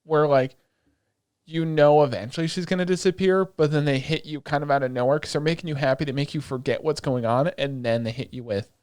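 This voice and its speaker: A man's voice: a little high, brisk, darkish tone, smooth, no echo, clean studio sound. A young man co-hosting a casual podcast, ranting heatedly and swearing a lot. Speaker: podcast co-host.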